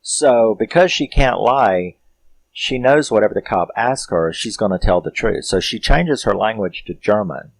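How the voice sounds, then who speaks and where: A man's voice: on the low side, no echo. A man casually recapping a film's plot, rambling with lots of fillers and laughs. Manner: rambling, loose, with frequent "you know" fillers; laughs often while retelling. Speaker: film reviewer.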